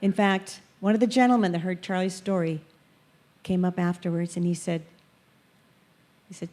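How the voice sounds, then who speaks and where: A woman speaking at a church, telling lively personal stories and acting out the people she quotes. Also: on the low side, moderate pace, pauses often. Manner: animated storyteller, acts out quoted voices. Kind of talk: storytelling testimony talk.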